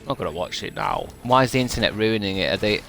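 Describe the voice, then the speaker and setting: A man's voice: lowish voice, expressive, fast, fairly bright tone, a little hiss or hum. A young man chatting on a game stream, rambling and self-mocking with a dry, sardonic edge and casual swearing.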